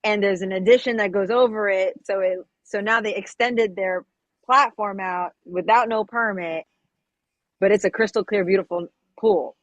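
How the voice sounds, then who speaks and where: A woman's voice: medium pitch, steady tone, moderate pace, no room sound. Playful, chatty woman, dry close sound. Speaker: group call participant. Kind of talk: casual group chat. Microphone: video call.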